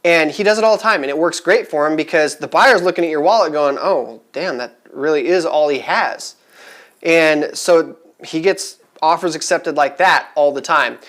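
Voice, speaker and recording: A man's voice: a little high, normal speed, few pauses, fairly bright tone. A man talking casually to camera in a vlog, chatty and rambling with many fillers, upbeat and eager. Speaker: vlogger giving resale advice.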